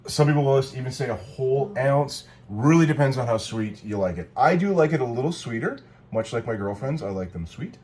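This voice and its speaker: Fairly quick and animated, this medium-pitched man's voice carries a somewhat dark tone. He's a cocktail video co-host showing a drink at home, rambling casually, joking and correcting himself as he talks.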